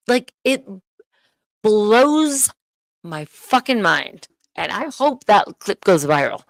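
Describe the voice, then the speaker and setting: A woman rants on her own livestream, swearing freely and sounding heated and indignant. Her voice sits at an ordinary middle pitch. The sound is close and dry, with almost no room echo. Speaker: livestream host. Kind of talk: ranting livestream monologue.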